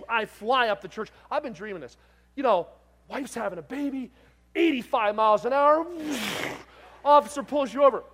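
Animated high-voiced male preacher. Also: moderate pace, a little hiss or hum. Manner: animated storyteller, acting out voices, swinging from loud to hushed. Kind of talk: sermon with storytelling.

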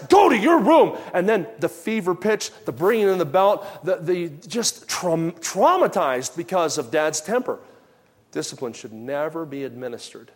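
Man preaching in a reverberant hall. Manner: conversational and anecdotal, drops soft and low when quoting himself. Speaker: pastor. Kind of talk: sermon.

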